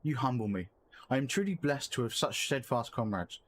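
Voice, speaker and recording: A man's voice: mid-range voice, expressive, normal speed, fairly bright tone. A man reading the lines of an earnest, formal young male elf leader, solemn and remorseful. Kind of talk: reading game dialogue aloud.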